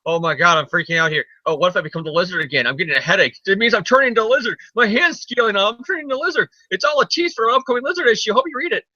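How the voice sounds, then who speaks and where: A man's voice: high-pitched, expressive, racing, few pauses, pushed and bright, no echo, voice pushed up, full character voice. A man voicing a fretful middle-aged male scientist who whines in mock panic, on a dull lo-fi recording. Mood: panicky. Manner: mock-anxious whining.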